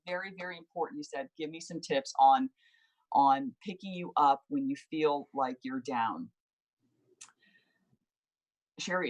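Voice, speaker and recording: A woman's voice: low voice, low-quality recording. A woman singer-songwriter, a guest in a casual video interview, giving earnest, encouraging advice.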